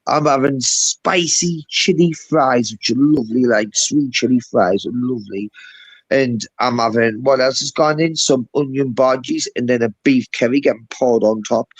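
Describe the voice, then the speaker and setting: A man's voice: mid-range voice, husky, no echo, rough recording. Boastful man, dry close sound. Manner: boastful, talks over others. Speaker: panel guest. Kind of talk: casual live panel chat.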